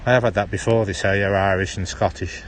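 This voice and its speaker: A man's voice: sits low, fairly even intonation, fast, slight background noise. Chatty Stoke-on-Trent man in a park. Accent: Stoke-on-Trent (Potteries). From Stoke-on-Trent, England. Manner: rambling, chatty, drops H's. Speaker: livestream host. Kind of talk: casual walking livestream. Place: outdoor town park. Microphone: handheld phone.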